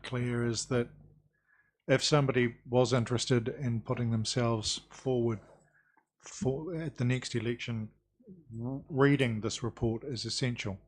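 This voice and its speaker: Brisk New man chairing a meeting. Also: mid-range voice. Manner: brisk and procedural, with dry quips. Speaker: council committee chair. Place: council chamber.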